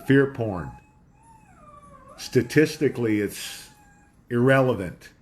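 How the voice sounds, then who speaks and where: Slow-talking man rambling from home. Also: medium pitch, expressive. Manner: rambling, conspiratorial, talks to his dog. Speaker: host of a home talk show. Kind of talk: casual monologue. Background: dog.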